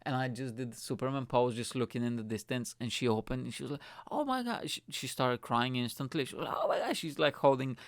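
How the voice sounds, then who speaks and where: A young man from Bulgaria tells a rambling story on his own show and acts out the people in it. His voice has a gravelly, creaky edge but stays smooth and clear. The recording is dry and close, with no room sound. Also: medium pitch, steady tone, quick pace, hardly any pauses, dry recording. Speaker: podcast host. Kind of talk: casual storytelling monologue.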